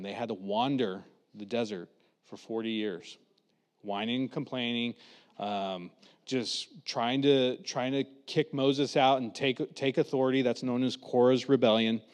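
A man preaching a lively storytelling sermon, acting out quotes in different voices. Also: mid-range voice, normal speed, in a large hall. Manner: animated, acts out quotes with voices.

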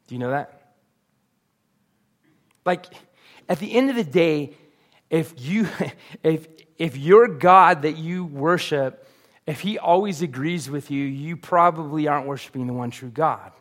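Earnest pastor preaching, higher-pitched man. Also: unhurried, pauses often, fairly bright tone. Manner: earnest, confessional, swells to emphatic peaks. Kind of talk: sermon.

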